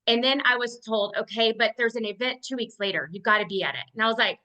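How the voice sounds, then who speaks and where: A woman's voice: a little high, fast talker, bright, forceful tone, rough recording. A woman and team leader giving an earnest motivational testimonial on a video call, with a lot of "like" in her speech.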